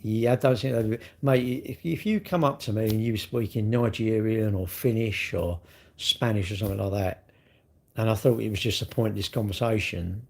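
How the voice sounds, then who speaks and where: This is a middle-aged man on a casual live stream, going through comments with blunt, mocking remarks. He talks at a normal speed in a lowish, gravelly, husky voice.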